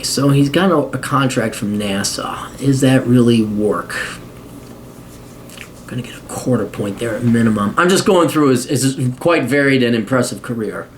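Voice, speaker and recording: Male host, mid-pitched, reading with sarcastic, profane asides. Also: a little hiss or hum. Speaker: podcast host. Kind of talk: reading a biography aloud with commentary.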